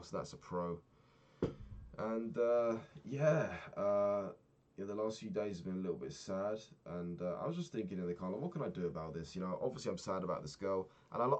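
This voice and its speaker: A young man with a very deep voice speaks to camera in a personal video diary. He sounds sad and worn down, talking in a low-key, rambling way and swearing often. He grew up in England. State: sad, recently crying. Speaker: vlogger.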